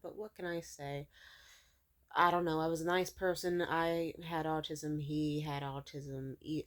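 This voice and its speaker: A young adult woman venting to camera in a casual vlog, blunt and profane, telling her story with animated emphasis. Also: lowish voice. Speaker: vlogger.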